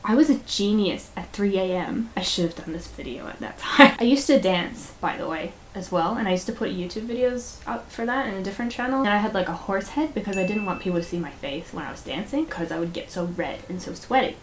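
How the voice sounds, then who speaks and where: A woman's voice: medium pitch, animated, fairly quick, hardly any pauses, a little hiss or hum. A young woman in a personal vlog, talking candidly and a bit rambling, with frequent fillers and nervous laughs. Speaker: vlogger.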